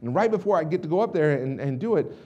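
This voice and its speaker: A young man giving an energetic storytelling speech to a live audience, acting out quotes with big swings in volume. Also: a little high, fast talker, lo-fi sound. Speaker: company president giving a keynote. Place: large hall in front of a live audience.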